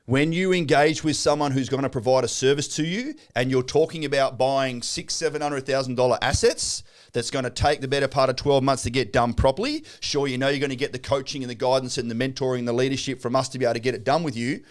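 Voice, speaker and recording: An Australian man talks quickly in a relaxed studio podcast, his pitch sitting in a middle register. He is blunt and sweary and swings into animated storytelling as he coaches listeners. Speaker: property coach and co-host. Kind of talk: casual studio podcast chat.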